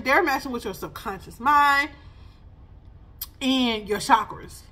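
A woman's voice: sits high, a bit bright. A woman, giving a chatty spiritual reading full of laughs and sassy asides. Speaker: spiritual reader. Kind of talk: casual spiritual reading vlog.

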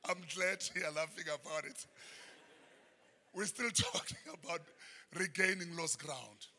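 Middle-aged South African man, preaching, gravelly, long reverb. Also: measured pace. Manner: preaching with frequent shouted high bursts. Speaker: pastor. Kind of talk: sermon. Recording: long church hall reverb.

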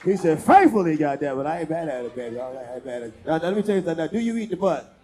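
A man doing crude, loud stand-up comedy and teasing the audience in a live comedy club. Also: a little high, expressive, very fast. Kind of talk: stand-up with crowd work.

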